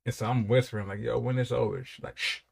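A man's voice: mid-range voice, fairly even intonation, fast, vocal fry, breathy edge. A young man giving casual, rambling commentary while reacting to music, with frequent repeated praise.

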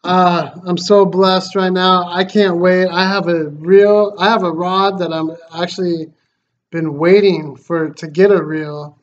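Casual vlog host, male, slow, excitable and grateful; dull lo-fi recording. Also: high-pitched. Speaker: fishing channel host. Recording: slightly dull lo-fi sound, faint noise.

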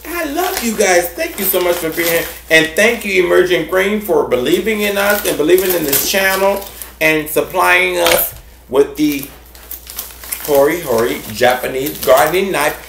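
A man hosting a gardening channel, chatting casually and warmly to viewers, effusive and repetitive. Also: normal speed, gravelly, roomy sound, slight background noise. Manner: effusive and affectionate, repeats himself, big swings in pitch. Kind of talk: casual vlog chat to viewers.

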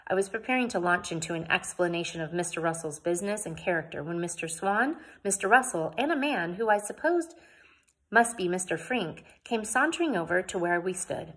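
A woman's voice: fairly low pitch, expressive, a little fast, a bit bright, husky. A woman reading a novel aloud, narrating plainly and adding casual asides of her own. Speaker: audiobook reader.

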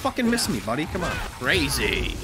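A man giving casual, excitable gameplay commentary with plenty of cursing and trash talk, his nose stuffy. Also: a little high, normal speed. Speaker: gaming video creator. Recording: game music behind.

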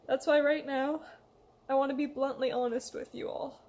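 High-voiced young woman, emotional and halting, reading a heartfelt letter aloud to her loved ones. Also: little pitch movement, a little mellow. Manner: emotional, hesitant, pleading, reads a letter aloud. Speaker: vlogger. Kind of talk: emotional personal confession.

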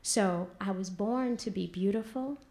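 A woman, telling a personal story on stage in an animated, vernacular way. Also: medium pitch, a little slow, creaky, a little hiss or hum. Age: 40s. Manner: animated, vernacular, acts out quotes loudly. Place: stage before an audience.

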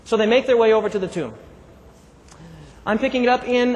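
A man with a very high voice delivers an animated sermon and calls on the congregation to answer back. He is recorded in a large hall with a long, trailing reverb. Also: brisk, long pauses. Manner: animated, call-and-response with congregation. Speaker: preacher. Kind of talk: live sermon.

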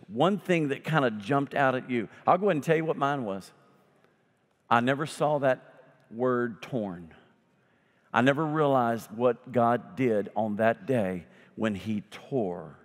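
A male pastor delivering a sermon, swinging between loud emphatic lines and slow hushed ones, with folksy humorous asides. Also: medium pitch. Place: church sanctuary. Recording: long hall reverb.

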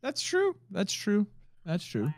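A man's voice: high-pitched, wildly swooping pitch, takes it slowly, dry recording. A man in comedic in-character game role-play, teasing and mock-serious with a dramatic manner. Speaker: game streamer.

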